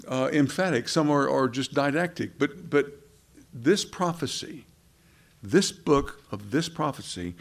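A man with a gravelly, creaky voice preaches a sermon at a middle pitch. He talks conversationally, asking his listeners rhetorical questions and stopping for asides.

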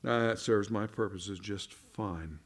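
A man's voice: fairly low pitch, slow pace, voice pushed down. A man voicing a smug, gloating male false prophet in the middle of a sermon.

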